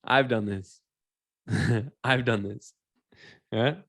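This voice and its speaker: A man's voice: mid-range voice, drawn-out words, gravelly. A man giving a motivational seminar talk, acting out characters and asking the audience questions. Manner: animated, acts out characters and quizzes the audience. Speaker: seminar speaker.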